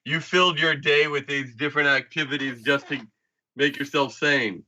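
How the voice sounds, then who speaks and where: A man's voice: on the high side, steady tone, normal speed, sharp tone. A male podcast guest in casual chat who makes dry, teasing remarks.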